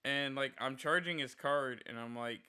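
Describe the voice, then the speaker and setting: A man on a live stream rambles through a rant at normal speed in a medium-pitched voice that's bright, sharp, crisp and clear. He's casual and profane, packing his talk with "like."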